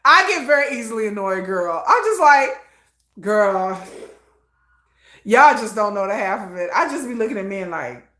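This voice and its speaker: A middle-aged woman hosting a casual livestream, blunt and animated, laughing often and acting out conversations. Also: a little high, fairly quick, few pauses, roomy sound. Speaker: livestream host.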